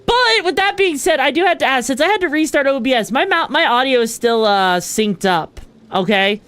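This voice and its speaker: A woman's voice: high-pitched, animated, moderate pace, fairly bright tone. A woman streamer chatting casually as she sets up a game, rambling with lots of fillers and casual swearing. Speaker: VTuber streamer. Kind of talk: casual gaming stream chat.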